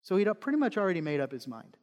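High-voiced preacher in a reverberant hall. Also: male voice, sing-song, very fast. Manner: emphatic preaching that drops into soft conversational asides; repeats key phrases for stress. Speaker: pastor. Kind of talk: sermon. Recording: long reverb in a large hall.

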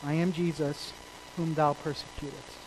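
A man delivers an emphatic sermon in a high voice. He shifts between loud stresses and quiet asides and asks his congregation questions. Faint noise sits behind him. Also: level tone, normal speed, low-quality recording. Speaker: preacher. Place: church service.

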